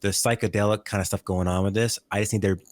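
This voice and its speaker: A man co-hosting a podcast in casual chat, giving opinions in a measured way and repeating words as he thinks. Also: lowish voice, steady tone, no echo. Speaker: podcast co-host.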